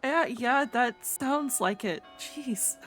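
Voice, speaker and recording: A woman roleplaying a character in an online game, chatting casually and halting over her words. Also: on the high side, a bit bright, faint music behind. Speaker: roleplay streamer.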